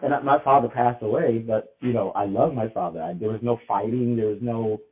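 A man's voice: mid-range voice, a little fast. A man co-hosting a podcast, talking in a loose, rambling way with many restarts. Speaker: podcast co-host. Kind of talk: casual podcast chat. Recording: tinny phone-like sound.

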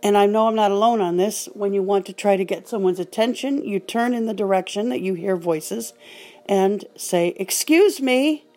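A woman's voice: mid-range voice, steady tone, moderate pace, mellow, soft background music. An older woman hosting a podcast, telling stories in a casual, wry and dryly humorous way. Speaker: podcast host.

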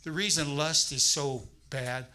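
Male guest preacher, sermon, bright tone, animated storyteller. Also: a little high, measured pace, poor audio. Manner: animated storytelling, acting out voices.

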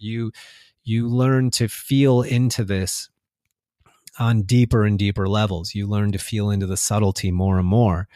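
A man's voice: lowish voice, warm tone, no echo, studio quality. A man talking reflectively in a casual spiritual conversation, laughing often and restarting his sentences.

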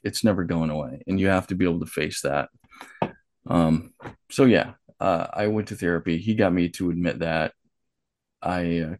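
A man's voice: deep voice, a little mellow, dry recording, studio quality. A man, an author and artist, talking candidly as a podcast guest, plainspoken and profane, acting out the voices in his head. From United States. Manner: frank and profane, with quoted inner dialogue and restarts. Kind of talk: candid conversational storytelling.

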